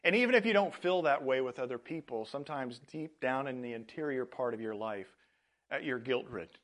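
A man's voice: mid-range voice, expressive, a little fast, a bit bright. Earnest man preaching a sermon. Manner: earnest, with frequent fillers and restarts. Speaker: pastor.

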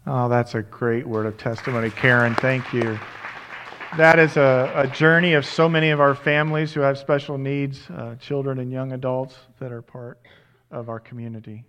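A man's voice: medium pitch, fairly even intonation, moderate pace, fairly bright tone, a faint crowd, a little hiss or hum. Pastor type, male, mid-range voice, encouraging, thanks each speaker in a church hall. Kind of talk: leading a church service. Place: church sanctuary.

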